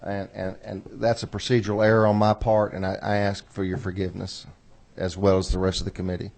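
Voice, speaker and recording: A man chairing a legislative committee hearing, folksy and apologetic, reading bill text slowly and carefully. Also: low voice, level tone, vocal fry, darkish tone.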